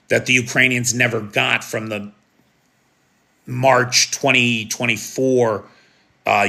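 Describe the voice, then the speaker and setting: A man's voice: medium pitch, gravelly, sharp tone. An American man giving live, opinionated news commentary in a conversational way, often asking "right?". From United States.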